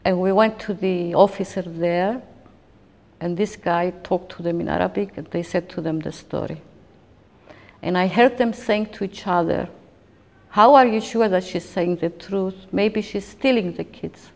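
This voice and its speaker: A woman in her fifties giving halting, emotional documentary interview testimony, often restarting her sentences. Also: lowish voice. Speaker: interviewee recounting a personal ordeal. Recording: long hall reverb.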